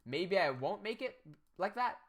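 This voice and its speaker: A man's voice: high-pitched, big pitch swings, a little slow. A man live-streaming his 3D animation work, rambling and thinking aloud with frequent laughs, recorded on his own desk microphone at home. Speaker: 3D animation livestreamer. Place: home setup in Australia.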